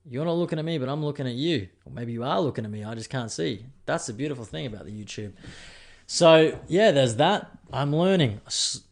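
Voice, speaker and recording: Swearing Australian podcast host, rambling. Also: male voice, on the high side. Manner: rambling, profane, joking. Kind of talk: casual solo podcast chat.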